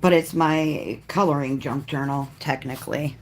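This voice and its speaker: A woman hosting a live coloring stream, chatting casually in a rambling way and often clearing her throat as she works. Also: sits low, normal speed, a little hiss or hum. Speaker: coloring livestream host. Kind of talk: casual livestream chat while coloring.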